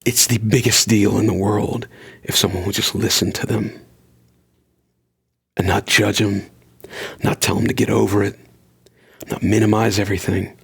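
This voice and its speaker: A man's voice: lowish voice, little pitch movement, moderate pace, vocal fry, long pauses, slightly rough. A man hosting a solo podcast, talking in an earnest, conversational way and shifting his pace for emphasis. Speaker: podcast host.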